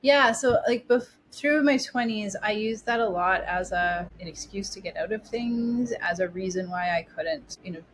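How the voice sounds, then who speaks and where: A woman in her forties, a podcast guest telling stories in a chatty, animated way with lots of restarts. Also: mid-range voice, moderate pace, few pauses, slight background noise. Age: 40s. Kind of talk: casual interview storytelling.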